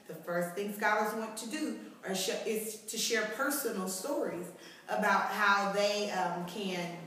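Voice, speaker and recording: Echoey distant kindergarten teacher. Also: female voice, mid-range voice, a bit bright, a little hiss or hum. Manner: slow, clear teacherly explanation with rhetorical questions. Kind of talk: recorded tutorial lesson for parents and children.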